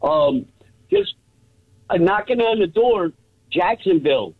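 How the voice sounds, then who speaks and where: Male radio caller, high voice, excited, laughing, tinny phone line. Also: breathy edge. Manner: excited, laughing, quick sports chatter. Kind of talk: casual call-in chat.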